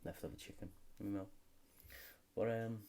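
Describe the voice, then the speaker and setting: A man's voice: fairly low pitch, level tone, normal speed, vocal fry, dark tone. A young British man hosting a solo comedy podcast, rambling freely and swearing a lot. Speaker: podcast host.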